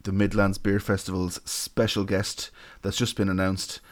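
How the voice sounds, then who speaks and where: A man wrapping up a podcast episode. He talks quickly, with a dry, deadpan manner. His voice is low. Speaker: podcast co-host. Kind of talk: casual chat.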